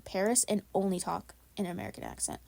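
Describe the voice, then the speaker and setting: A woman's voice: medium pitch, big pitch swings, quick pace, vocal fry, darkish tone, no room sound. A young woman co-hosting a podcast, talking in a blunt, profane, ranting way during casual chat. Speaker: podcast co-host.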